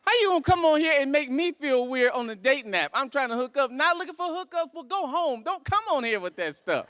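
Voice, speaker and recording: A man doing a stand-up routine, swinging between low mutters and loud outbursts. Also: lively intonation, a little fast, dry recording, studio quality. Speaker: stand-up comedian.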